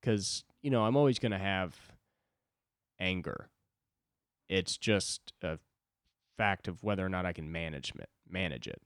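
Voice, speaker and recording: With a lowish voice that's clear and resonant, a man in his twenties delivers a solo monologue on his own podcast. He rambles, swears, and mocks himself. The audio is studio quality with no echo.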